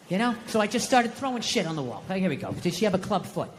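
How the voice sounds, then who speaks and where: An American man doing a stand-up routine, ranting sarcastically with profanity and sudden shouts, on a theater stage. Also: sits high, very animated, fast talker, few pauses. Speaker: stand-up comedian. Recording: long hall reverb, faint noise.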